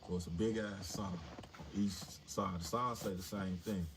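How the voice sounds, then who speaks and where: A man's voice: sits low, steady tone, moderate pace. A man in his forties telling a story casually and animatedly on a livestream, swearing freely. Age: 40s. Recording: noisy livestream audio.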